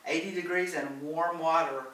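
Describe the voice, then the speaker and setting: A man's voice: fairly high pitch, steady tone, normal speed, fairly bright tone, voice pushed up, close to an everyday voice. A man voicing an anxious middle-aged mother on a trip abroad, earnest and emotional, recorded far off in a roomy space with faint hiss. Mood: coaxing.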